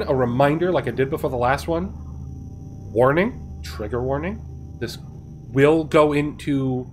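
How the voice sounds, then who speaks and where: A man's voice: medium pitch, husky. A man live-streaming, reading horror stories aloud and joking casually with his viewers. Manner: chatty, joking with chat; swears casually.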